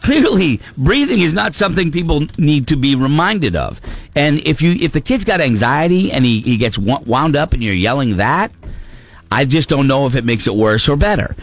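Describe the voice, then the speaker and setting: Male call-in host, chatty, lively pitch, stumbles over his words. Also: normal speed, dry recording. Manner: animated, laughing, stammering restarts. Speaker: radio host. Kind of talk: call-in radio chat.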